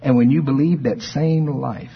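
A male preacher delivering a sermon, telling folksy stories and bursting into shouts of praise. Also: medium pitch, normal speed, gravelly, breathy edge, lo-fi sound.

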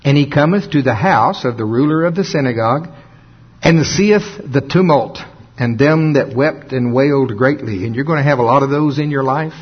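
A man preaching a folksy sermon, often laughing and slowing down for dramatic emphasis. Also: medium pitch, slightly rough. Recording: dull lo-fi sound.

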